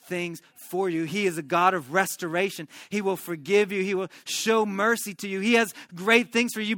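A man preaching a sermon in a conversational style, often tagging his points with questions and swinging between loud and soft. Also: high-pitched, no echo, clean studio sound. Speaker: pastor.

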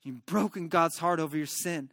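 A man voicing a stern but caring male prophet who speaks low, quiet and firm. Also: normal speed, vocal fry, no echo, studio quality. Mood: rebuking.

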